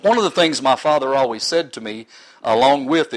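A man's voice: medium pitch, animated, moderate pace, rough recording. A middle-aged man in ministry giving an earnest, sometimes emotional personal testimony to a live audience.

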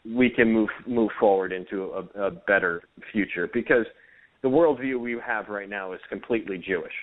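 A man's voice: fairly low pitch, moderate pace. A man speaking as a guest on a radio talk show, earnest and hesitant, with frequent fillers. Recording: tinny phone-line sound.

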